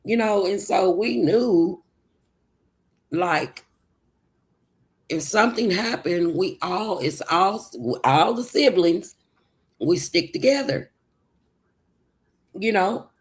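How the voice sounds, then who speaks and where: A woman's voice: medium pitch, expressive, slow pace, long pauses. A woman with a Southern US country accent, chatting casually on a livestream and answering her chat in a rambling way. Her voice sounds sleepy, as if she just woke up. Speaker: livestream host.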